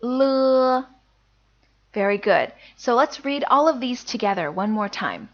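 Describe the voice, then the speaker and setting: A language teacher leads a beginner pronunciation lesson in a mid-range, sing-song, fairly bright voice, patiently sounding out each letter slowly and repeating it. The audio is dull.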